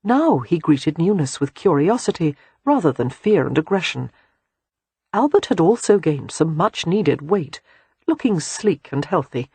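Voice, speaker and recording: Woman reading an audiobook, husky voice, lively pitch, dry close sound. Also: no room sound. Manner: measured, expressive reading. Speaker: audiobook narrator. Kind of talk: scripted narration.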